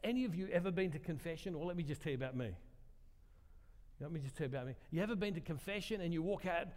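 Older male preacher, slightly high voice, chatty and self-mocking, long hall reverb. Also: fast talker, a little mellow. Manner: conversational, asks the congregation questions, self-deprecating humor. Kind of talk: sermon.

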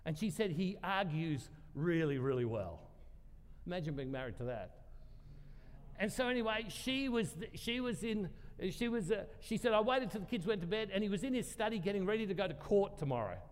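Chatty preacher in a reverberant hall. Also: male voice, high voice, lively intonation, brisk. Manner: chatty, self-deprecating, acts out quoted voices. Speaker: pastor. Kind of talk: sermon with storytelling.

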